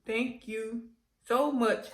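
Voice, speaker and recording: A goofy, excitable woman chatting casually through an unboxing vlog, laughing and getting emotional as she reads notes aloud. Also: a little high, drawn-out words, echoey room, low-quality recording. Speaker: vlogger.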